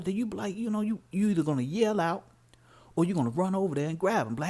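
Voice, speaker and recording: A man preaches informally. His pitch swoops up and down with lively emphasis, and he keeps asking rhetorical questions as he drives his point home. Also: fast talker. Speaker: religious commentator.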